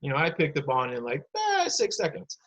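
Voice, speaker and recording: A man with a slightly husky, breathy voice talks a class of children through a lesson. His delivery is loose and encouraging, full of fillers and asides. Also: mid-range voice, quick pace, a bit bright, poor audio. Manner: casual, encouraging classroom talk with many fillers. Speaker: teacher.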